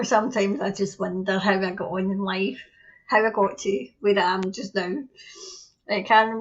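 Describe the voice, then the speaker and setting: A Scottish woman gives a casual live tarot reading, chatty and rambling, often laughing at herself. Her mid-range voice is creaky with fairly even intonation at a moderate pace. The audio is dull and lo-fi.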